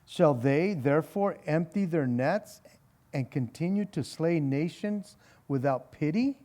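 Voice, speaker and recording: High-voiced, unhurried pastor teaching scripture. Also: male voice, animated, mellow. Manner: reads scripture aloud, then talks it through with wry sarcasm; frequent repeated words and chuckles. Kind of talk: conversational Bible study sermon.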